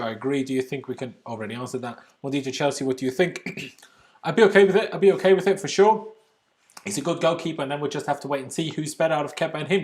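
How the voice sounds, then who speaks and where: A young man hosting a live stream, chatty and opinionated as he reads and answers chat questions. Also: mid-range voice. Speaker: YouTube channel host. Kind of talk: live stream Q&A about football.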